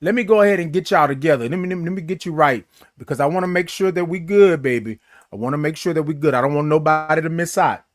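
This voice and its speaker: A man's voice: a little high, quick pace, dry recording, clean studio sound. A man hosting a morning livestream, chatting casually with viewers in a playful, flamboyant way and stretching out his greetings. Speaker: host of a morning livestream show. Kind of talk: casual livestream chat reading viewer comments.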